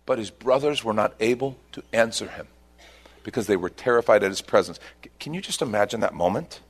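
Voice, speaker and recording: Animated male pastor telling a story. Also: on the low side, fairly quick, slightly rough. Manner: storytelling, rising to emphatic bursts. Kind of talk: sermon.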